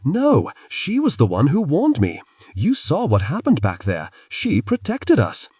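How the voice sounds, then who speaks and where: A man's voice: on the high side, huge pitch swings, measured pace, a little mellow, breathy edge, dry recording, clean studio sound, distant mic, voice pushed up, full character voice. A man voicing a frightened village man who stammers and pleads, read for an audiobook. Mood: pleading. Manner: shaky and pleading.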